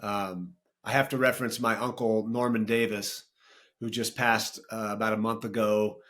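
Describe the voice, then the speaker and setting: Low-voiced male podcast co-host. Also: little pitch movement, moderate pace, fairly bright tone. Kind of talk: conversational interview.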